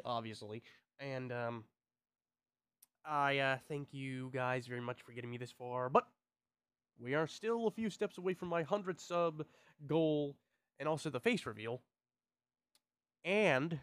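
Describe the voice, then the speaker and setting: A man's voice: on the high side, smooth, no room sound. A young man talking casually to his subscribers, rambling, tripping over his words and swearing now and then. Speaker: YouTuber.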